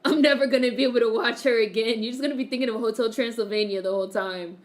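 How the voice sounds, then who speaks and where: Quick and fairly even in intonation, her voice sits on the high side. A chatty woman streaming live, she reads out viewers' comments, uses salty language, and laughs a lot.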